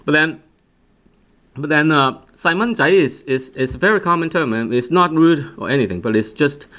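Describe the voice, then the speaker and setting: Man, language teacher, halting delivery, drills words again and again. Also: a little high, lively intonation, sharp tone. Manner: hesitant, many fillers and repeated drilled words. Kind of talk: language lesson.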